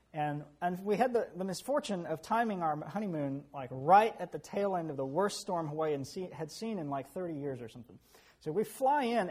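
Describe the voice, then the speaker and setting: Husky male preacher telling a story. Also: on the high side. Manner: animated storytelling with chuckles and asides. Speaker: pastor. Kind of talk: sermon.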